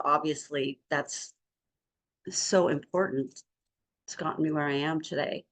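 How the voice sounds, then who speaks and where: A middle-aged woman in a casual spiritual group talk, sharing a personal story in an earnest, rambling way. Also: a little high. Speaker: group discussion participant.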